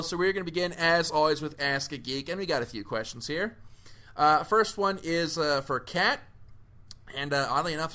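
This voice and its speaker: A man with a fairly high, bright and forceful voice hosts a relaxed panel chat. He reads out listener questions with a loose, upbeat delivery, full of small fillers and restarts. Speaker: podcast host.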